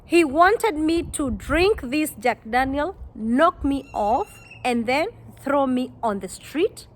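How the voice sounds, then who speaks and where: A woman, a vlogger telling a personal story to her viewers, animated and exclaiming, quoting people in dialogue. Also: high-pitched, slow pace. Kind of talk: storytime vlog.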